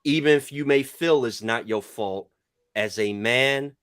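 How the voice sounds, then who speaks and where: A man lays out blunt, preachy opinions on a podcast, dropping swear words as he goes. His voice is smooth and resonant, and the sound is dry and close. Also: medium pitch, unhurried, fairly bright tone, dry recording.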